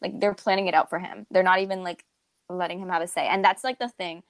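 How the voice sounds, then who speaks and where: A woman's voice: lowish voice, fairly even intonation, fast, no room sound. Young woman co-hosting a podcast, rambling casual talk, dry close mic. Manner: rambling, filler-heavy, restarts often. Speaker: podcast co-host. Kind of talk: casual chat.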